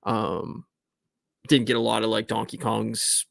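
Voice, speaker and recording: Male podcast co-host, casual rambler, gravelly tone, dry close mic. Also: lowish voice, completely flat delivery, measured pace, a bit bright, no echo. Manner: rambling, heavy use of filler "like". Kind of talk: casual chat.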